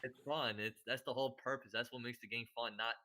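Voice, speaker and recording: A man's voice: medium pitch, steady tone, quick pace, pushed and bright, slight background noise. A man guesting on a podcast, talking earnestly and casually about playing an online game for fun, filling his speech with "like" and "you know". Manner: earnest, repetitive, easygoing, heavy use of "like" and "you know".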